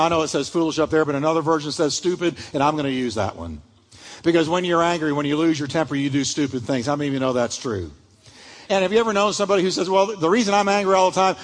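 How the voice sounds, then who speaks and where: A man with a high, very animated voice preaches a sermon, swinging up and down as he tells stories and acts out the people in them. He is heard in a church sanctuary with a long, ringing reverb. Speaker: pastor.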